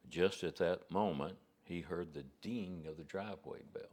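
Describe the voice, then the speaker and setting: A man's voice: low voice, normal speed, few pauses, a little mellow. A man preacher telling a story in a homespun, conversational way. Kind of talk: storytelling to a congregation.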